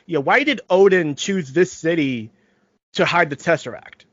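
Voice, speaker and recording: A man's voice: on the high side, normal speed, a bit bright, no echo. Dry lo-fi man recapping a movie. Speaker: podcast co-host. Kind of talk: casual chat and plot recap.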